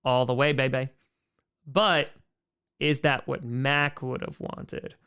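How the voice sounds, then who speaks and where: A man's voice: medium pitch, level tone, slow pace, pushed and bright, clear, resonant tone. A man hosting a casual livestream Q&A, reading out viewer questions and answering in a chatty way that repeats phrases.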